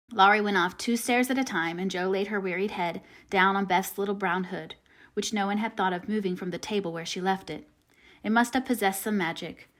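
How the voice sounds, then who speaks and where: A woman reads a classic novel aloud as an audiobook narrator. Her pace is measured and her delivery gentle. Her voice sits at an ordinary middle pitch for a woman.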